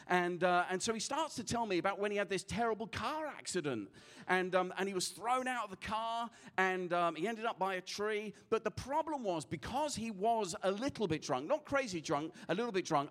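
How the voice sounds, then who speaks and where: A man preaching a sermon in church, telling a story with animated energy and later speaking softly in prayer. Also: a little high.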